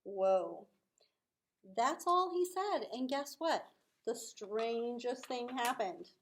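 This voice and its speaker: A woman teaching children, telling a story with lively acted-out voices and hushed asides. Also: on the high side, slow. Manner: animated, acts out voices with big swells.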